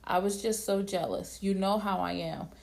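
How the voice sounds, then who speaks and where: A woman's voice: medium pitch, steady tone, moderate pace, gravelly, natural voice. A woman reading an abusive, jealous man. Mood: pleading. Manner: yelling, cursing, then pleading.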